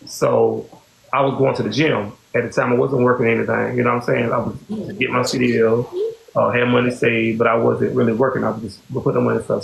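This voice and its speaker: With a creaky, mid-range voice, this man hosts a podcast and wanders through a personal story in casual talk. "You know what I'm saying" comes up again and again. The room echoes, with a faint hiss underneath.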